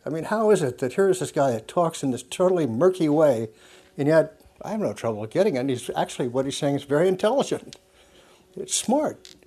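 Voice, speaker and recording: A man telling a personal story to a group in a reflective, conversational way, often restarting his sentences and laughing softly. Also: on the high side, animated. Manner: halting and self-correcting, with frequent soft laughs; musing and conversational. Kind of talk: reflective spoken talk with anecdote.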